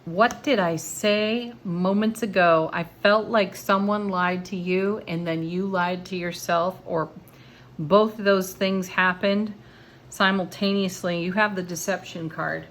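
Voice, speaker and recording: A woman giving a tarot card reading in a gentle, encouraging, spiritual manner. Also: lowish voice, fairly even intonation, a little slow. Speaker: tarot reader.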